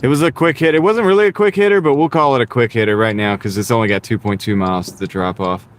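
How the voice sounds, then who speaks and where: Fast-talking and steady in tone, a man with a fairly low voice jokes with live-stream viewers between delivery-app orders as he drives. The wireless clip-on mic in the car adds a little hiss or hum to this casual chat.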